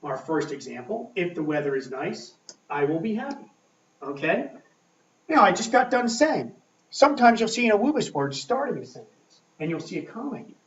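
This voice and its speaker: A man teaching a grammar lesson at a board, talking slowly and checking in often with "okay?". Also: high-pitched, big pitch swings. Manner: slow, checking in with frequent "okay?". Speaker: English teacher. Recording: echoey room, mic far off, dull lo-fi sound.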